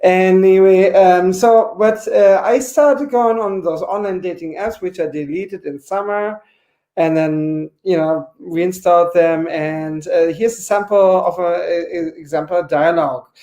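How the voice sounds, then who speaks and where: A man's voice: high voice, measured pace, warm tone. Campy man in his forties doing stand-up. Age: 40s. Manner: campy, chatty, lots of filler "you know". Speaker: stand-up comedian. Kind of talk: online stand-up set. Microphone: home webcam mic.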